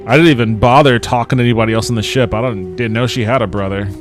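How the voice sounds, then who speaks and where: A man's voice: medium pitch, fast talker, over music. A man hosting a podcast, giving casual, joking, profane commentary while playing a video game. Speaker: podcast host and gamer.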